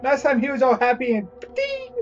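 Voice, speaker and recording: A man narrates his horror-game run in a high, lively voice that leaps around. He swears a lot and lets out loud yelps. The take is muffled and lo-fi, with faint game music underneath. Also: moderate pace. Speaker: gamer playing a horror game. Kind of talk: let's play commentary.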